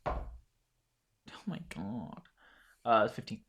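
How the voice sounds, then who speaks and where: A man's voice: lowish voice, expressive, takes it slowly, fairly bright tone, slight background noise. A man playing a tabletop game, giving terse in-character replies. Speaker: player.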